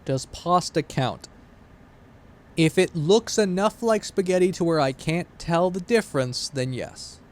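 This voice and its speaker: Excitable male streamer, higher voice. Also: unhurried. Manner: excitable, rambling and jokey. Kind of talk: gaming livestream chat.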